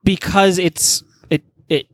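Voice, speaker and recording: A man's voice: high-pitched, slow pace, dry recording. A man co-hosting a podcast, telling a story in casual chat with profanity and comic exaggeration. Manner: animated, profane, exaggerating for laughs. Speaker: podcast co-host.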